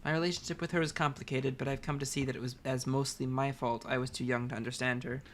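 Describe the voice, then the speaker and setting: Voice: mid-range voice, flat delivery, fast talker, a little hiss or hum, natural voice. A reader voicing an articulate, dry-witted teenage girl who talks in elaborate phrases. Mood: reflective. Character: verbose wry teen girl, articulate and dry. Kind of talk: reading comic dialogue aloud.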